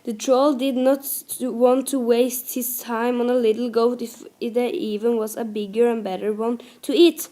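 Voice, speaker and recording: A woman's voice: on the high side, level tone, normal speed, hardly any pauses, dark tone. A woman with a Norwegian accent, her first language Norwegian, reading a fairy tale aloud carefully, with slips.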